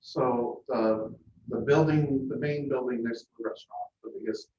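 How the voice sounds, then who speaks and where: A man speaking at a public meeting as airport manager, plainspoken and hesitant with frequent pauses. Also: medium pitch, darkish tone, slight background noise. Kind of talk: meeting discussion. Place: council meeting room. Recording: echoey, distant, muffled meeting audio.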